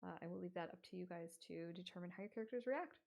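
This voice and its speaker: A woman running a tabletop horror game, narrating in a relaxed, chatty way. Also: on the low side, racing, gravelly. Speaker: game master.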